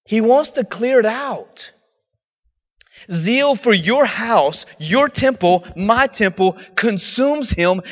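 A man preaching a sermon in a lively, casual way, full of slang and acted-out quotes. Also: sits high, slow, in a large hall, dull audio.

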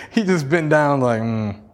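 A male pastor preaching a sermon in an emphatic, repetitive style, sprinkled with "you know" and small chuckles. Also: on the high side.

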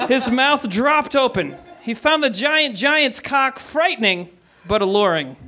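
A man's voice: very high-pitched, sharp tone, slight background noise. A man comedian reading a mock-dramatic story on a comedy theater stage, breaking off for sheepish asides. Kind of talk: comic reading to a live audience.

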